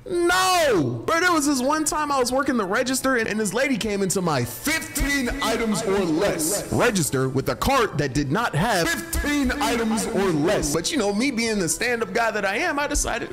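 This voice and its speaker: Animated young man telling a comic story. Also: normal speed, few pauses, over music. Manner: animated, slangy, lively swings in pitch. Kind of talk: comedic storytelling.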